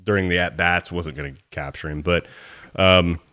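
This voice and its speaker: Low-voiced man telling a fan story. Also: moderate pace, clear, resonant tone. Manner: animated storyteller, swears freely. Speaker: podcast host. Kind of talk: casual sports chat.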